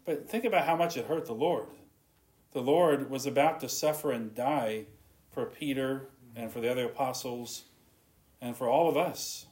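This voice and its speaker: A man preaching a sermon in an earnest tone, his voice dropping softly at the ends of phrases. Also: medium pitch, normal speed. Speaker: pastor.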